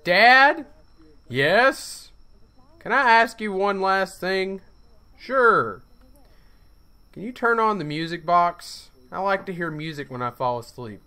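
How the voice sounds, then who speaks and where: A man's voice: high-pitched, animated, slow, pauses often, sharp tone, smooth, full character voice. A man voicing a timid little boy who asks for things before bed. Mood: pleading. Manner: timid, pleading requests.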